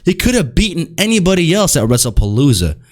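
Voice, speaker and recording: A man's voice: fairly high pitch, very animated, fairly quick. A young man hosting his own wrestling commentary, ranting casually with exasperation and lots of slang. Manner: exasperated, slangy, repeats "bro".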